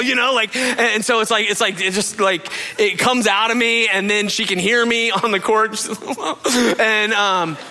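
Guy pastor giving a chatty sermon, higher pitched, bright tone, earnest and talking right at the crowd. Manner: earnest, confessional, addresses listeners directly. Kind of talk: conversational sermon.

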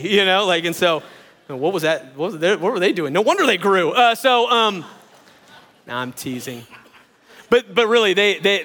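A pastor preaching a sermon in a conversational, animated way, with teasing asides. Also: male voice, fairly high pitch.

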